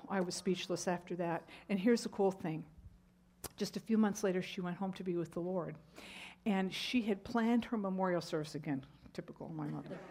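A middle-aged woman teaching a Bible lesson, telling a personal story in a conversational way with fillers and asides. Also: fairly low pitch.

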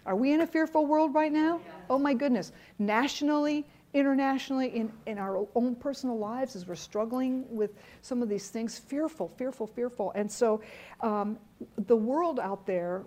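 A woman's voice: fairly high pitch, warm tone. A middle-aged woman giving an earnest church teaching talk, telling stories and repeating key words for emphasis. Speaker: Bible teacher.

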